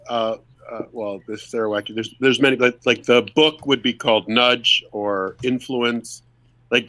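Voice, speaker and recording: A man's voice: mid-range voice, sharp tone, no echo, rough recording. A man hosting a casual podcast discussion, talkative and explaining things for listeners. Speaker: podcast host.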